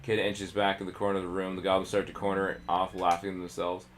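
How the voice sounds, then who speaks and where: A man's voice: low-pitched, monotone, fast talker, a little hiss or hum. A man streaming a text adventure, reading it aloud with stumbles and offhand asides.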